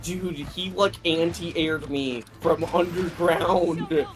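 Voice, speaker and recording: A man in his thirties with a slightly high voice talks through a co-op game session, rambling and swearing casually. His sentences often trail off and restart. Faint game music plays underneath. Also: steady tone, slow pace, poor audio. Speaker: streamer playing co-op. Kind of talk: casual gameplay chat.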